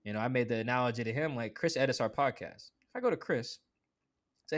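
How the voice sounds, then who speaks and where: A man talking as a guest on a sports podcast, in a casual, animated way full of asides and "like" fillers. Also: medium pitch. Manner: animated, quick asides, acts out quoted voices; conversational with frequent "like" fillers.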